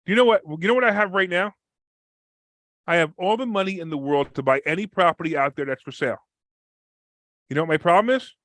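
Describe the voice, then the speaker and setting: A man, a real estate investor guest on a podcast interview, telling a story with lively energy and acting out the people in it. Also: no echo. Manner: fast, energetic, acts out quoted people with big pitch jumps.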